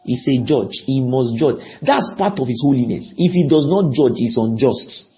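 Pleading with the congregation, a man preaches at a moderate pace, repeating himself and frequently asking his audience questions. His delivery is expressive, climbing on key words and then sinking low. The recording sounds muffled.

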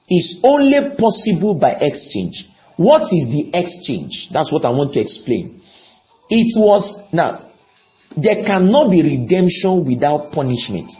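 A man's voice: sing-song, moderate pace, dull audio. A man preaching a sermon, pleading with his listeners and often asking them questions. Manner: pleading, rises on key words then drops low; repeats and asks the audience questions.

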